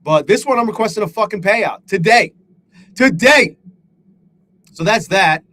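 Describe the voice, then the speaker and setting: A man's voice: high-pitched, fairly quick, a bit bright. A man hosting a live trading stream, rambling and swearing, hard on himself, greeting chatters by name. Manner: profane, self-critical, rambling; reads out chat names. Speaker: livestream host.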